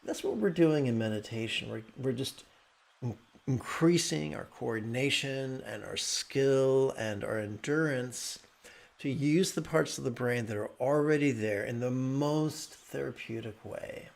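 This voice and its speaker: A man giving a calm, explanatory meditation talk as teacher, often restarting his sentences. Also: medium pitch, measured pace, gravelly.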